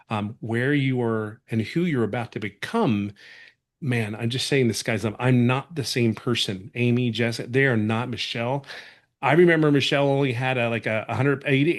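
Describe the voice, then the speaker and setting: A man from California giving an earnest, rambling testimonial as a webinar guest, full of restarts. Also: mid-range voice.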